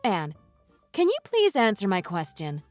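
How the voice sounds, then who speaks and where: A woman's voice: medium pitch, wildly swooping pitch, unhurried, no room sound, soft background music. A woman voicing a sarcastic, furious wife. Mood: scornful. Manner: sharp, sarcastic, cutting. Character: furious wife confronting her in-laws. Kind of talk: voiced text-message story.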